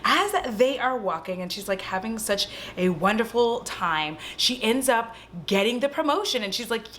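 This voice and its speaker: A young woman casually recapping a horror film at home, animated and swearing freely as she acts out the characters' lines. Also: on the high side, a little fast, few pauses. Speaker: vlog host.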